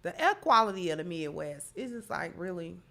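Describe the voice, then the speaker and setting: A woman's voice: lowish voice, sing-song, fairly quick, gravelly, sharp tone. A woman hosting a live stream, chatty and emphatic, thanking viewers by name and sounding stuffy from allergies. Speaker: channel host. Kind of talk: live-stream talk, reading viewer comments.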